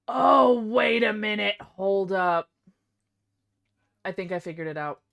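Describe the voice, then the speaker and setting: A young woman live streamer chatting casually, excitable and self-deprecating. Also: mid-range voice, slow, creaky.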